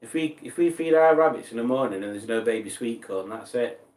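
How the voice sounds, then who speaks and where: A man on a livestream reads chat aloud and riffs with playful outrage in a mid-range, a little mellow voice. He's animated and fairly quick, captured off mic in an echoey room.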